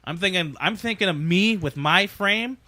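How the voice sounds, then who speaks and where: A man's voice: sits high, normal speed, sharp tone, no room sound. A man hosting a casual podcast, teasing and provoking his co-hosts with crude jokes. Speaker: podcast host.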